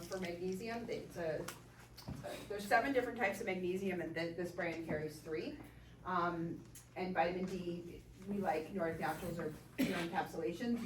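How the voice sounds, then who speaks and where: A woman's voice: lowish voice, a little hiss or hum. A woman chiropractor giving a casual, chatty talk to a small group, with lots of fillers. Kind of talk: casual presentation to a live group. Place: room with a small audience. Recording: echoey room, voice from far off.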